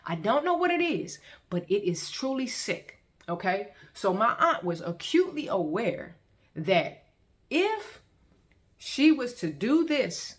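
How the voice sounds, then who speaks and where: A woman telling her personal story as testimony, in an animated, repetitive storytelling manner. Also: mid-range voice, slow. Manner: animated storytelling with repeated phrases and acted-out quotes. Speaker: testimony vlogger.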